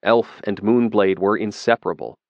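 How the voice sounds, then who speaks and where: A man reading a fantasy audiobook in a steady, measured narration. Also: on the low side, dry recording, dull audio.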